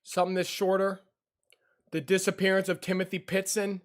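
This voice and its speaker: Fairly quick and monotone, a young man's high-pitched voice addresses his livestream chat casually. The streamer repeats what he says and is easily frightened.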